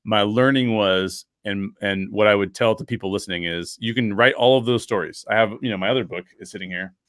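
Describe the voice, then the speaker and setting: Animated male storyteller, dry close sound. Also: fairly low pitch, a little fast, no echo. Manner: animated storyteller, acts out quoted dialogue; many fillers and restarts, frequent laughs. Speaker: podcast guest, writer. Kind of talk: casual interview storytelling.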